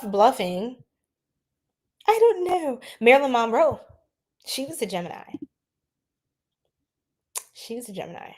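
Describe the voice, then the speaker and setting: A woman hosts an astrology livestream in loose, slangy chat with a fairly high voice. She laughs often and answers viewers' comments as they come in. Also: big pitch swings, measured pace, long pauses.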